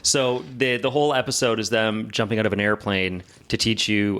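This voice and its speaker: A man's voice: on the low side, fairly even intonation, moderate pace, fairly bright tone. A man who grew up in Canada, a podcast guest telling stories with dry, wry asides. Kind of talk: casual chat.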